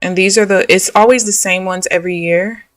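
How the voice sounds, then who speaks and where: A woman's voice: medium pitch, fairly even intonation, fairly quick, dry recording, far from the mic, faint music behind. Exasperated, swearing young woman storyteller. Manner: chatty, exasperated, swears freely, slangy. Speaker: live trading streamer. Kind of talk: casual storytelling while trading live.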